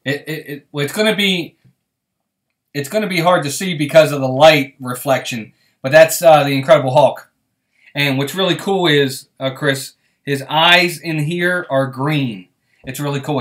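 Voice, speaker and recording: A man's voice: a little high, moderate pace, a bit bright. A man hosting a casual live stream, chatting and greeting viewers by name as he reads their comments. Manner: friendly, reassuring tone with viewers.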